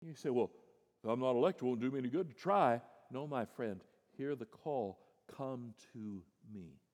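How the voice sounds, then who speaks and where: Middle-aged preacher guy, goes quiet then booms up high, long church reverb. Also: normal speed. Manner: swings from soft and low to loud, high-pitched emphasis. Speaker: pastor. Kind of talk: sermon. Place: church sanctuary.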